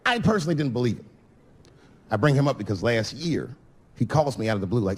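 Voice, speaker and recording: A man's voice: medium pitch, animated, fast, slightly rough. A middle-aged man doing stand-up storytelling on stage, profane and conversational, slipping into the voices of people in his stories. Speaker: stand-up comedian. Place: comedy stage before a live audience.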